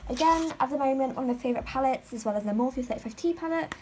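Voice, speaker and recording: A woman's voice: high voice, fast talker, a little mellow, a little hiss or hum, rough recording. A teenage girl chatting through a makeup tutorial at home, rambling and filling her talk with "like.". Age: teens. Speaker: beauty vlogger.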